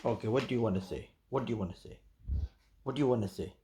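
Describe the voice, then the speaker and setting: A man's voice: medium pitch, quick pace, heavy background noise. A man chatting to his pet budgie in simple, broken English, doting and coaxing. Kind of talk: casual home video chat with a pet.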